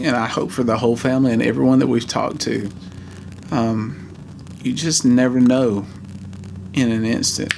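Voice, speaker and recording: A man in his forties telling a heartfelt personal story in a vlog, earnest and halting. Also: medium pitch, fairly even intonation, gravelly, a little mellow, a little hiss or hum. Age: 40s. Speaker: vlogger.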